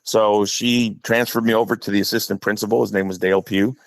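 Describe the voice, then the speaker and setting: A man's voice: lowish voice, flat delivery, brisk, creaky, no room sound. A middle-aged man from Wisconsin, a football coach, telling stories casually and at length as a podcast guest. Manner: talkative, acts out quotes in stories. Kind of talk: casual storytelling.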